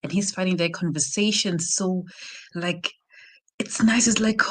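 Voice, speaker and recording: A South African woman chatting casually on a live reading stream, retelling a book plot with animated asides. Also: on the low side, unhurried. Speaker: reading sprint host. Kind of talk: casual chat.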